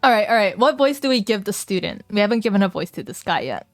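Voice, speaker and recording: A woman's voice: medium pitch, sing-song, quick pace, no room sound. A woman streamer chatting playfully and reading game text aloud, giggling often. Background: faint music.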